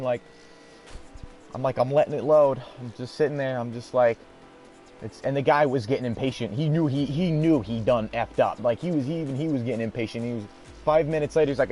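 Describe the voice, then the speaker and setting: A man hosts a gaming video, casually telling a rambling, exasperated story over the gameplay and swearing offhandedly. His voice is medium-pitched and darkish, and he talks fairly quickly. Soft music plays in the background.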